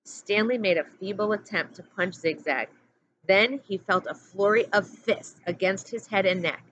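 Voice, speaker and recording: Woman, teacher, storybook read-aloud, steady plain narration, dull lo-fi sound, faint hum. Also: mid-range voice, moderate pace.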